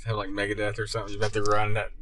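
A man's voice: fairly low pitch, completely flat delivery, very fast, fairly bright tone. A man co-hosting a podcast, chatting casually, laughing often and swearing freely. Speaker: podcast co-host. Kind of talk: casual chat.

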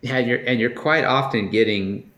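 A man talking casually with a fellow racer, relaxed in tone. He slips into playful voices when quoting his mechanics. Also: medium pitch, normal speed. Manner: relaxed, acts out quotes, laughs along. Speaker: fellow racer, podcast guest. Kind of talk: casual chat.

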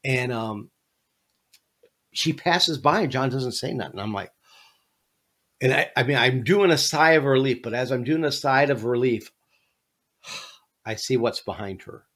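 A man hosting a podcast, telling a funny story in an animated, jokey way. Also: mid-range voice, normal speed, pauses often. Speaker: podcast host. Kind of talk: casual storytelling.

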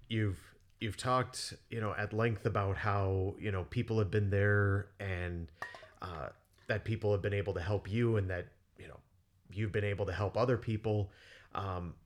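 A man's voice: on the low side, steady tone, unhurried. A man hosting a podcast, asking a guest questions in a loose way with many fillers. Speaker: podcast host. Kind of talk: casual interview.

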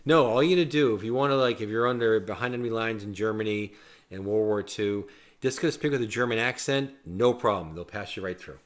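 A man's voice: fairly low pitch, a little fast. Joking man co-hosting a podcast. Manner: joking, laughs often, trails off quietly. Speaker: podcast co-host. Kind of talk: casual chat.

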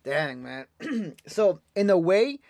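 A man's voice: high voice, sing-song, slow pace, a little mellow, dry recording. A man hosting a podcast who chats in a laid-back, slangy way, reacting to his guest. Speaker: podcast host. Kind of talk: casual chat.

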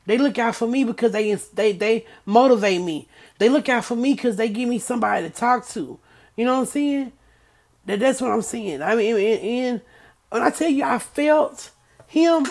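A woman chatting casually to her viewers and reading aloud from a book, emphatic, repeating herself and stuttering when she gets excited. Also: on the high side, moderate pace.

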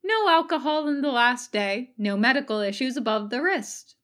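A woman voicing a deadpan young male ninja. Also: high-pitched, moderate pace, voice pushed up. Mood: dry. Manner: dry, deadpan.

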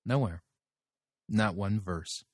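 Low-voiced male critic, blunt and skeptical, dry close mic. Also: slow, dry recording. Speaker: sermon reviewer. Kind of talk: critical commentary.

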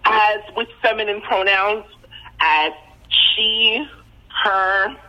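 A woman in her thirties with a Caribbean patois-tinged accent, a singer-songwriter and student, speaking calmly and self-assuredly as a podcast guest over the phone. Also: mid-range voice, extremely slow. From Haitian descent. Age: 30s. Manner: calm, explanatory and self-assured. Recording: dull phone-line recording.

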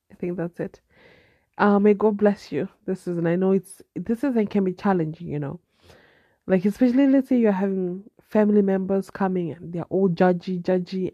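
A woman's voice: medium pitch, dark tone, dry recording, highs cut off. A woman from Zimbabwe hosting a solo podcast, chatty and advice-giving with a nasal, congested voice and repeated phrases. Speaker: podcast host.

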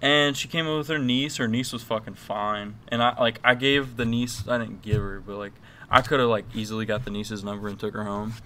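A man's voice: mid-range voice, steady tone, brisk, few pauses, bright, forceful tone. A young man co-hosting a podcast, rambling through crude, joking stories with lots of fillers. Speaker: podcast co-host. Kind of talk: casual chat.

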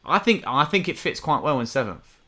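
Chatty young man, bright voice. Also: fairly high pitch, a little fast. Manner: chatty, relaxed, casual slang. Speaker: podcast co-host. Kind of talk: casual chat. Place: home, remote call.

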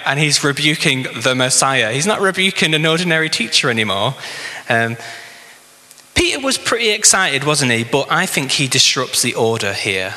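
A man's voice: medium pitch, bright, forceful tone. A man preaching a sermon in a conversational way, with many rhetorical questions. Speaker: pastor. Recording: long reverb in a hall.

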